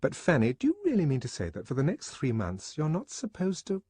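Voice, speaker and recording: A man's voice: on the high side, wildly swooping pitch, fairly quick, warm tone, slightly rough, no echo, voice pushed up, exaggerated voice. A man reading an audiobook, voicing a defiant young woman in a lightly raised, protesting voice.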